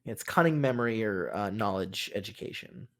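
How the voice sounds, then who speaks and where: A man's voice: fairly low pitch, expressive, moderate pace, a bit bright. A man narrating a tabletop role-playing game as game master, casual and rambling, with many fillers and restarts.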